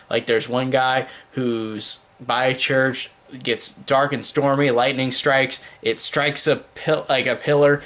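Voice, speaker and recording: A man's voice: medium pitch, fairly bright tone. A man casually reviewing a horror movie, rambling with lots of "like" and "um" and gushing with enthusiasm. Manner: rambling, heavy use of "like" and "um".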